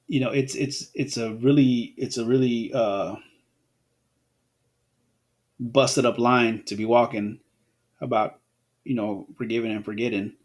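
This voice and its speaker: A man's voice: mid-range voice, steady tone, unhurried, long pauses. A man hosting an unscripted solo podcast, talking in a rambling way and often restarting his phrases. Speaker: podcast host.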